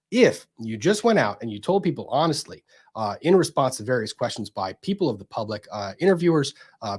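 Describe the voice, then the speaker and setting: A man's voice: mid-range voice, breathy edge, voice pushed down. A man mockingly playing a smug male defense attorney who gives sarcastic, mock-earnest advice.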